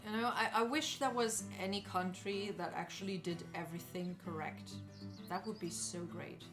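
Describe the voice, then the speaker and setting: A woman's voice: mid-range voice, steady tone, moderate pace, over music. A woman streamer chatting casually while she sews, talking to herself and answering her chat in a playful way.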